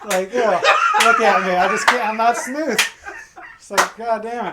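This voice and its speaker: A man doing a stand-up comedy set, crude and energetic, breaking into acted-out voices for his punchlines. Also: high-pitched, measured pace, very noisy. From Pacific Northwest of the USA. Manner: crude, energetic joke delivery with acted-out quotes.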